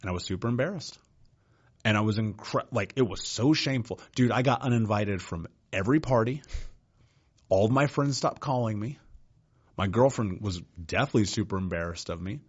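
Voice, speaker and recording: Man, podcast guest, low voice, blunt profane storytelling, muffled audio. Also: fairly quick, slightly rough. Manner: blunt, profane, says "dude" often. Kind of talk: casual personal storytelling.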